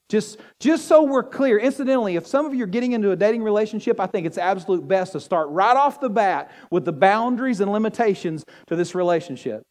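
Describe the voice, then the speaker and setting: High-voiced preacher in a reverberant hall. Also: male voice, quick pace, few pauses. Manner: animated, joking asides to the congregation. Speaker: pastor. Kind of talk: sermon.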